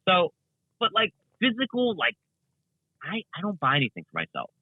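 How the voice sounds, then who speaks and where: Animated young man on a tinny line. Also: high voice, normal speed, husky, dry recording. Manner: rambling, animated, many fillers and restarts. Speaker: guest content creator. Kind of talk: casual interview chat.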